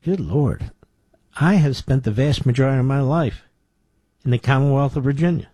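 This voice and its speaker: A man's voice: medium pitch, expressive, normal speed, dark tone, breathy edge, no room sound. A man in his sixties from the Philadelphia area hosting a political talk radio show, mocking and sarcastic, with asides to his producer. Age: 60s.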